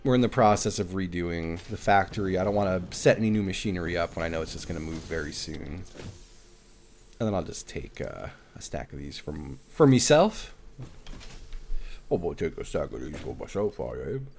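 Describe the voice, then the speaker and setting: A man's voice: low-pitched, animated, normal speed, a little mellow, a little hiss or hum. A young man streaming a game live, chatting casually, swearing and thinking aloud as he thanks viewers. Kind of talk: casual live-stream chat while playing.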